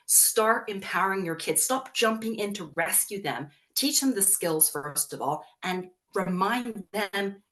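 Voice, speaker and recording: A woman's voice: medium pitch, measured pace, few pauses. A woman co-hosting a podcast, talking casually about parenting and often acting out what children and parents say. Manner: animated, acts out quotes of kids and parents. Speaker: podcast co-host; works with young schoolchildren.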